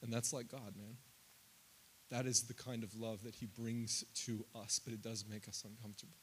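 A man in his thirties preaching a sermon, climbing loud and high through lists and quoted prayers, then dropping low and quiet. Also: level tone, normal speed, slight background noise. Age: 30s. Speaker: pastor.

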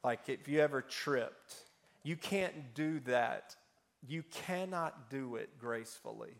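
A man preaching a sermon, telling funny personal stories with animated swings between loud and soft. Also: medium pitch, slow pace, gravelly. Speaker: pastor.

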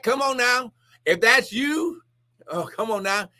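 A man preaching prophetically on a live stream, exclaiming often and swinging between shouts and hushed asides. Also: high voice, lively intonation, a little slow.

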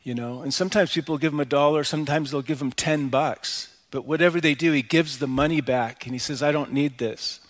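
A man's voice: fairly high pitch, fairly even intonation, a little fast, few pauses. A middle-aged man preaching a sermon as a pastor, in a conversational, personal way with frequent "you know" asides. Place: church sanctuary.

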